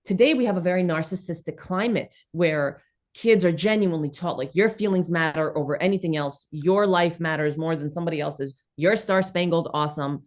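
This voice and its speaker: A woman's voice: lowish voice, brisk, darkish tone. Blunt, emphatic woman with a New York accent. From former Soviet Union, raised in New York City. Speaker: guest, comedian and content creator. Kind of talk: casual interview chat.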